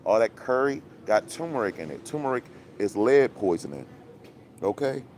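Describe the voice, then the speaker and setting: A man's voice: medium pitch, sing-song, normal speed, darkish tone, slight background noise. A man hosting a casual commentary chat, talking in a preachy, conspiratorial, rambling way full of fillers and laughs, recorded outdoors. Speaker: commentary channel host.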